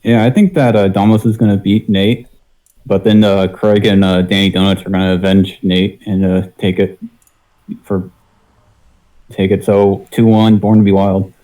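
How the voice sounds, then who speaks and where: A man chats casually as a panelist in a low voice. His tone is warm and relaxed. He thinks aloud, circles back and repeats himself. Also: moderate pace, low-quality recording.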